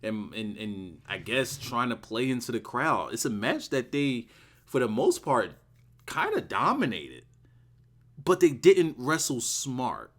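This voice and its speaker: Male reviewer, mid-pitched, casual solo talk, excitable, rambling, hammers words through repetition. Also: a little slow. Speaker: wrestling show reviewer.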